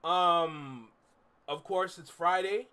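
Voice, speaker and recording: A man's voice: high-pitched, takes it slowly, bright, forceful tone, smooth. A young man streaming from his room, chatting candidly and rambling with fillers as he reacts to music. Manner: candid, rambling, repeats himself with frequent fillers. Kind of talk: casual live-stream chat.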